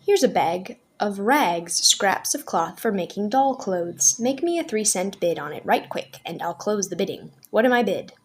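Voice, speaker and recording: A woman's voice: mid-range voice, expressive, moderate pace, hardly any pauses, slightly rough. A woman playing a cheery country auctioneer. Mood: friendly. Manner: cheery, sing-song sales patter. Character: friendly folksy male country auctioneer.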